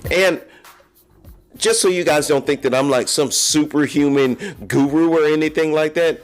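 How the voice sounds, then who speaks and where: A man's voice: a little high, moderate pace, soft background music. A man hosting a podcast, talking candidly and confessionally straight to his listeners in a casual solo monologue. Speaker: podcast host.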